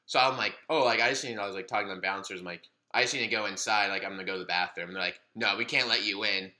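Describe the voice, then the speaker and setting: A man's voice: lowish voice, racing. A young man co-hosting a casual podcast, telling a story with lots of swearing and acted-out quotes. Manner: animated, swearing, acts out quoted dialogue. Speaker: podcast co-host.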